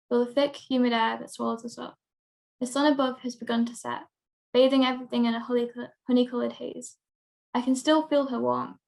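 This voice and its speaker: A teenage girl reading her own prose piece aloud in a steady, measured way. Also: a little high, gravelly. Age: teens. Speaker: young writer.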